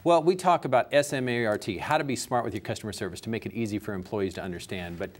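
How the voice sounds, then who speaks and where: A lowish-voiced man who talks fast, speaking as a customer service coach in an interview. Animated, he teaches by illustrating his points with everyday examples.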